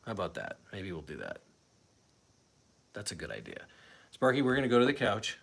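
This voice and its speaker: Hosting a casual fan live stream from home, a man rambles to viewers and his dog, sometimes out of breath. His fairly low voice swings hugely in pitch and moves briskly, with vocal fry and a breathy edge.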